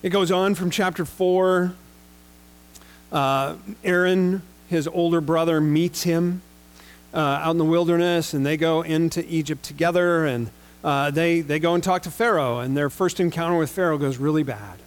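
A male preacher delivers a sermon in a relaxed, conversational manner, slipping into slangy paraphrases of the characters. His voice sits a little higher than most men's. He also reads longer scripture passages aloud. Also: normal speed, clear, resonant tone. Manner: casual, conversational retelling with slangy paraphrased quotes.

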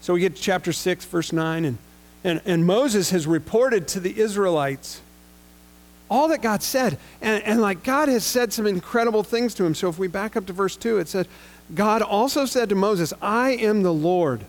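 A man's voice: sits high, normal speed. A man preaching a sermon, retelling scripture in a casual, conversational way with slangy paraphrased quotes and long passages read aloud. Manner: reads scripture aloud at length.

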